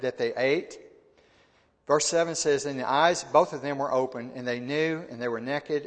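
Man, Bible teaching, conversational, repeats himself, asks questions, long hall reverb. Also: mid-range voice. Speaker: church teacher. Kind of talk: sermon-style Bible teaching.

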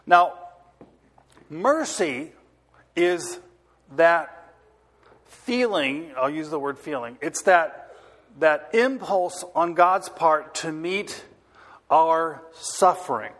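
A male pastor preaching a sermon, stressing key words slowly and often checking whether the audience is listening. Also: fairly high pitch, animated, a bit bright. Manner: asks the audience if they are listening.

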